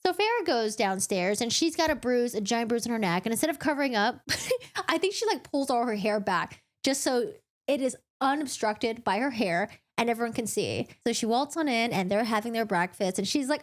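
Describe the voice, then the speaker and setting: A woman's voice: a little high, lively intonation. Chatty young woman recapping a book. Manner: chatty, giggly, acts out characters in quick put-on voices. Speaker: book channel host.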